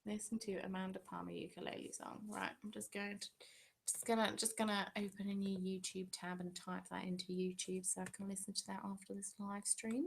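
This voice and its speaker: Speaking in a mid-range, creaky voice with a flat delivery, this woman talks fairly quickly over a slight hiss or hum. She hosts a craft channel from her home in England, chatting through viewer comments on a live stream and poking fun at herself.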